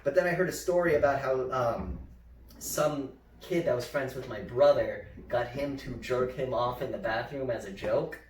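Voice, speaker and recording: A young man co-hosting a podcast, telling stories in an animated, profane casual chat and acting out what people said. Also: mid-range voice, moderate pace, a little hiss or hum. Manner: animated storytelling, profane, acts out quotes. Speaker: podcast co-host. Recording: roomy echo, mic at a distance.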